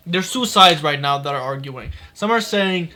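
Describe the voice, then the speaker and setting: Bright-voiced blunt man doing reaction commentary. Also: on the high side, lively intonation. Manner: blunt, swears often, talks fast in bursts. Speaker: commentary youtuber.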